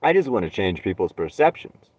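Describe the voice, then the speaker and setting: A young man rambling on a solo live stream from his van, sarcastic and swearing, with dark jokes. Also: lowish voice, very animated, a little fast, breathy edge, dry recording. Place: inside a van. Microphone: phone.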